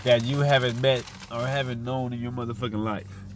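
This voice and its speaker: A man's voice: mid-range voice, flat delivery, brisk, a little hiss or hum. A man delivering a fiery, profane, unscripted monologue, firing off rhetorical questions in a preachy tone.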